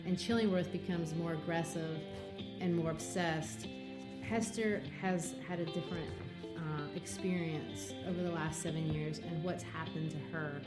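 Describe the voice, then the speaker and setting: Woman podcast host, lower voice, animated, chatty literary breakdown. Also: normal speed, loud music behind the voice. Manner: animated retelling with many fillers.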